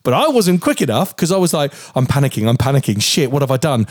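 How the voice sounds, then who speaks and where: A man in his forties co-hosting a podcast, telling a story in animated, mock-outraged casual chat and swearing freely. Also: mid-range voice, fast, hardly any pauses, dry recording, studio quality. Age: 40s. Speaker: podcast co-host.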